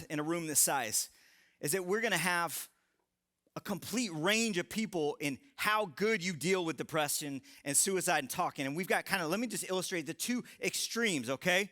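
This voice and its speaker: A man in his thirties giving a live sermon to a young adult crowd in a large room, telling stories with animated humor. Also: sits high, moderate pace. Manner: animated, joking storytelling. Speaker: young adult ministry speaker.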